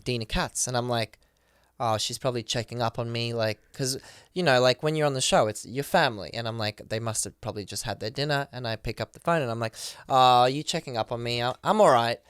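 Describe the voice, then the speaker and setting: Smooth-voiced man telling an excited story. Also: mid-range voice, no echo, clean studio sound. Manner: excited, rapid retelling full of "like" and acted quotes. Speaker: podcast guest, professional dancer. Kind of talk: casual storytelling.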